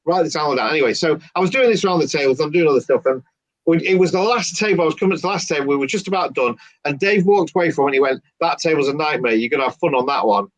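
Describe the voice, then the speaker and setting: A man's voice: fairly high pitch, very fast, dry recording, low-quality recording. A man, a magician, telling a story casually and acting out the dialogue. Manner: animated, acts out dialogue. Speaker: guest magician.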